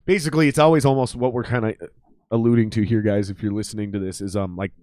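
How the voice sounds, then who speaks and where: Low-voiced man telling profane drummer stories. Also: fast, no room sound, clean studio sound. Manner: profane, animated storytelling with quoted voices. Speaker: podcast host, drummer. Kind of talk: casual podcast chat.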